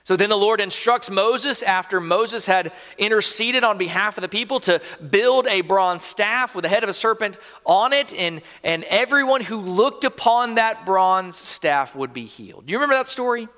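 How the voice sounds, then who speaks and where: A man preaching a sermon as pastor, earnestly asking questions of his listeners and dropping to hushed, low stretches between raised points. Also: animated, normal speed, few pauses, in a large hall.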